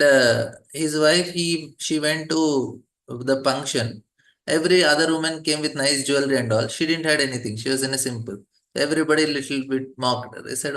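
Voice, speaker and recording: A man's voice: medium pitch, a bit bright. Laughing male scripture teacher. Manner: conversational, with frequent laughs and fillers. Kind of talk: devotional scripture class.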